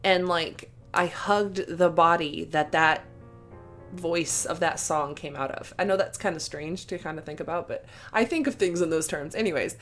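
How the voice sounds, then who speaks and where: A woman's voice: fairly low pitch, moderate pace, a bit bright, faint music behind. A young woman telling a story in a casual vlog. She gushes with emotion, says "like" and "um" often, and laughs between sentences. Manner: gushing and emotional, with filler words and laughs. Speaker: vlogger.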